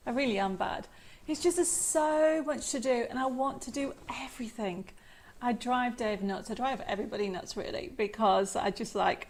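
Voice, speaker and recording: Bubbly lady reading out viewer comments on a live stream, kinda high voice, rambly and chatty. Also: moderate pace. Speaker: host of a live craft show. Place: home studio.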